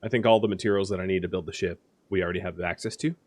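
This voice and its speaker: A man's voice: low voice, fairly even intonation, very fast, a little mellow. A man casually commentating a strategy game, thinking aloud and explaining the rules with frequent fillers. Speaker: gaming video host.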